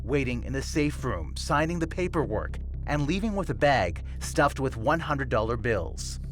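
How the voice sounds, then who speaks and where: A man from Canada, a news anchor, reading measured, grave documentary narration. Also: mid-range voice, expressive. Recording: voice-over with music bed.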